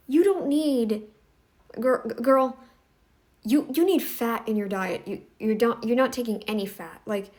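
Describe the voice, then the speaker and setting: A woman's voice: on the high side, darkish tone. A woman giving casual reaction commentary in a blunt, scolding, emphatic way.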